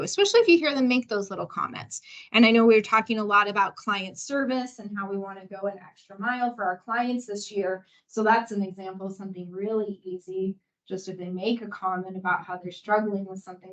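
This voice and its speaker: A woman's voice: mid-range voice, a little fast, hardly any pauses, fairly bright tone, low-quality recording. A young woman giving a casual, encouraging training talk to veterinary hospital staff, full of fillers.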